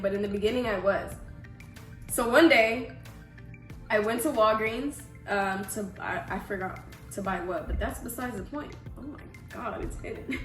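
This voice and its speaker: A woman's voice: mid-range voice, fairly bright tone. Young woman vlogging, rambly chatty storytelling, echoey room w faint music behind. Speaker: YouTuber. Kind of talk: casual vlog Q&A and story time.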